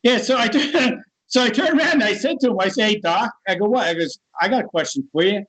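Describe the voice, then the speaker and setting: A middle-aged man with a fairly high voice tells a personal story in a relaxed, conversational way. He livens it up by acting out the other people's lines in changed voices. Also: fast, husky, poor audio. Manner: animated, acts out other people's voices in his stories. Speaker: guest. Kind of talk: casual storytelling.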